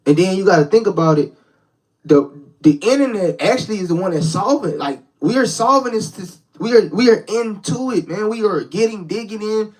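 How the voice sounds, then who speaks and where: A man's voice: high voice, animated, normal speed, recorded from a distance, rough recording. A young man hosting a live reaction stream as a street preacher, talking in a slangy casual way, repeating words and addressing the chat directly. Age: young adult.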